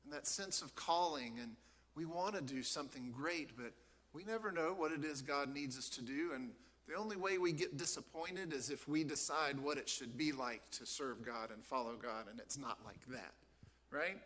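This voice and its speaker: A man preaching a sermon as a pastor in a church, telling a Bible story in a lively way and acting out the characters. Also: fairly high pitch, moderate pace.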